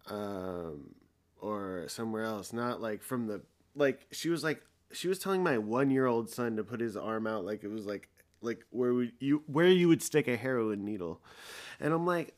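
Profane, rambling man in his thirties. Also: mid-range voice. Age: 30s. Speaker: podcast host. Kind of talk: casual storytelling.

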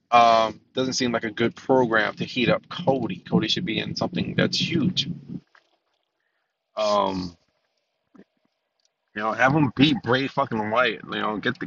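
A man with a low, gravelly voice hosts a solo podcast in a loose, rambling way. He restarts sentences, fills pauses with ums and swears offhandedly. The sound is muffled and lo-fi. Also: a bit bright, a little hiss or hum. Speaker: podcast host. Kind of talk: solo casual podcast commentary.

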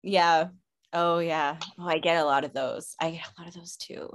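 A woman's voice: fairly low pitch, steady tone, normal speed. A young woman co-hosting a casual chat, agreeable, with short replies and frequent laughs. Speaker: co-host.

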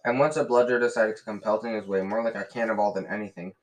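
A man's voice: fairly low pitch, fast talker, low-quality recording. Man reading a novel aloud, stumbling often. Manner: lively, with frequent slips and restarts. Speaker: reader.

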